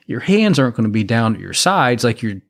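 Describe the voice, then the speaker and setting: Male podcast cohost with an expressive voice that swings up and down. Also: medium pitch, fairly quick. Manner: lively, expressive. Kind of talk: casual chat.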